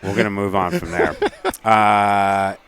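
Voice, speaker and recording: A middle-aged man co-hosting a podcast in casual chat, telling stories in an animated, joking way. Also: fairly low pitch, unhurried. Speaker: podcast co-host.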